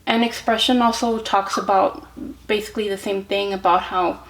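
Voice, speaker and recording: Gentle, encouraging woman tarot reader. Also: medium pitch, steady tone, moderate pace, poor audio. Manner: gentle and encouraging, many ums and restarts; speaks directly to the viewer with frequent "okay?". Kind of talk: pick-a-card tarot reading to camera.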